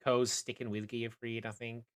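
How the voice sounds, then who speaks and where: A young man narrating as dungeon master of a tabletop game, halting and full of fillers. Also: medium pitch, level tone. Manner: hesitant, many fillers and restarts.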